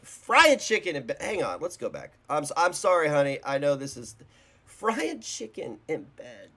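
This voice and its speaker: Animated, blunt male reaction host. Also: on the high side, moderate pace, husky. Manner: animated, rambling, blunt and mocking. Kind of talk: casual reaction commentary.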